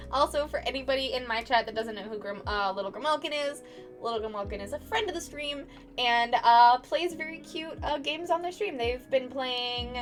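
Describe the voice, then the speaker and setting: An American woman, a young adult, streaming as a digital artist and chatting casually with viewers, playful and quick to laugh, often restarting her sentences. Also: high voice. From United States.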